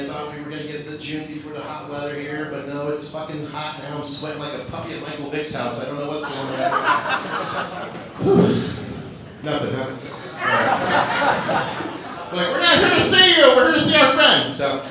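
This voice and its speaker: A man's voice: on the high side, moderate pace. A man doing loose, profane stand-up comedy and teasing the crowd as host of a live open mic. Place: comedy club. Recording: echoey club, far from mic, audience noise.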